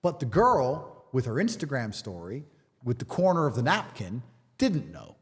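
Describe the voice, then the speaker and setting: A man's voice: mid-range voice, huge pitch swings, moderate pace, in a large hall. A man from England, a guest talking with emphatic, repetitive rhetoric in a podcast conversation. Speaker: interview guest.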